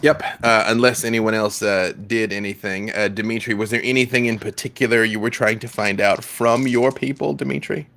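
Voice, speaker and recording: Lowish-voiced man running a tabletop game. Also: fairly even intonation, moderate pace, few pauses, a bit bright. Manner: casual, filler-heavy, rambling. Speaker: game master.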